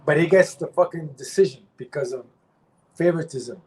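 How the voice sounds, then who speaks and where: Male ex-fighter guest, blunt and profane, slightly high voice, repeats himself when angry. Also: a little fast, a little mellow, rough recording. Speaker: former pro fighter, guest. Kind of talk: candid interview talk.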